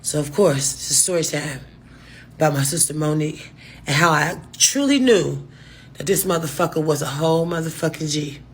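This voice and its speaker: A woman's voice: low voice, normal speed, slight background noise. A woman telling a casual storytime to her viewers, rambling through restarts and asides and swearing freely. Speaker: storytime vlogger.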